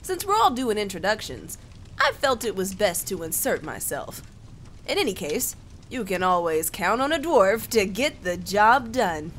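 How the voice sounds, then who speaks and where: A woman's voice: mid-range voice, big pitch swings, unhurried, fairly bright tone. A woman voices a beaming, puffed-up human man who brags that he is a dwarf. The voice bounces up and down cheerfully, with a faint hiss underneath. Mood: boastful.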